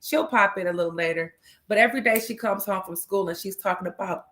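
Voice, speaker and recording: A woman's voice: mid-range voice, quick pace, fairly bright tone. A woman hosting a casual morning livestream, chatty and laughing often as she greets viewers by name. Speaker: livestream host.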